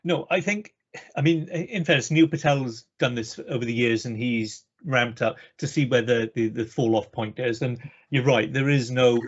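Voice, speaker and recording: A man's voice: medium pitch, moderate pace, lo-fi sound. Easygoing man explaining over a call. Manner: easygoing, explains points with examples. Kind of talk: casual conversation.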